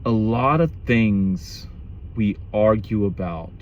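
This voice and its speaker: A man's voice: fairly low pitch, animated, slow, highs cut off. A man in his thirties speaking candidly about marriage in a reflective monologue, blunt and profane, often restarting his sentences.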